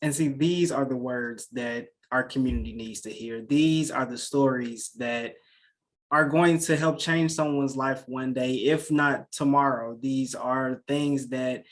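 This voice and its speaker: A man's voice: medium pitch, fairly even intonation, unhurried. Sincere male interview host. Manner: affirming, sincere, long flowing questions. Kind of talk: conversational interview.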